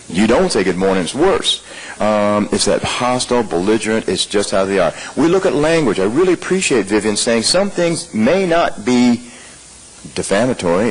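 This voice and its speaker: A man's voice: medium pitch, slightly rough, rough recording. A man leading a live leadership training workshop, talking conversationally to the room and firing off rhetorical questions.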